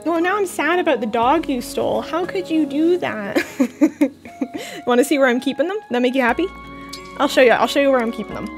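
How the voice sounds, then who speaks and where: A woman's voice: high voice, fast talker, soft background music. A young woman streaming a game at home, chatting playfully with her viewers as she plays. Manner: chatty, playful, talks to chat. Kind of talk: casual gameplay commentary. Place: indoors at home, cold room.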